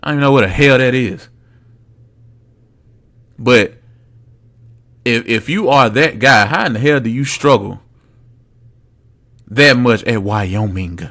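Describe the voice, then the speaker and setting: A young man hosting a casual solo sports podcast, blunt, slangy and mocking, swinging between loud bursts and low asides. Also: unhurried, pauses often. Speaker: podcast host.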